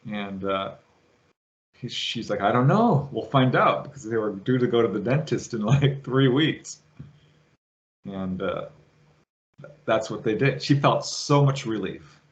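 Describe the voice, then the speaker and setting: A man guest on an interview show, retelling a witness's story with lively quoted voices. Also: fairly low pitch, a little slow, long pauses, highs cut off. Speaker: guest, UFO researcher.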